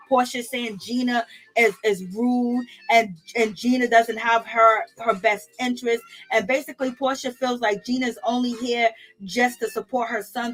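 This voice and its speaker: A woman hosts a casual reality-TV review, talking in a loose, gossipy way and laughing often. Her voice sits high. She keeps her tone animated and chatty throughout. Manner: animated, gossipy, laughs often, African American Vernacular phrasing. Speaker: reality TV reviewer and channel host. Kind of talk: casual commentary, live-chat shoutouts.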